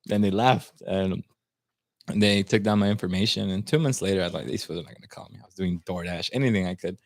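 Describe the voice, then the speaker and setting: This American podcast guest in his twenties, whose family is Salvadoran, talks fast in a low voice with vocal fry. He tells a long, slangy story in casual chat, dropping in Spanish phrases, with no room sound.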